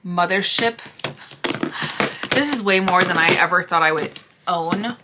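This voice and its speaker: A woman vlogger chatting casually through a makeup declutter, gushing and sometimes dropping to a hushed near-whisper, her voice hoarse as she loses it. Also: on the low side, unhurried, heavy background noise. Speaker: beauty vlogger.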